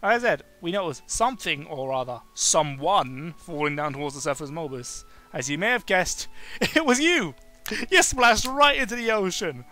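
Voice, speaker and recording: Man reading as a gentle caretaker in a fan rpg, courteous, formal, high bright voice. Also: a little fast, hardly any pauses, close to an everyday voice. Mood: explaining. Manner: courteous, formal, warmly reassuring. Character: kindly adult male caretaker, gentle and welcoming. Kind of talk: reading game dialogue aloud.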